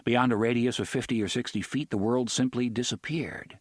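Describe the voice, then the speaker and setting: A man narrating an audiobook in a steady, measured reading. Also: medium pitch, breathy edge, no echo, clean studio sound.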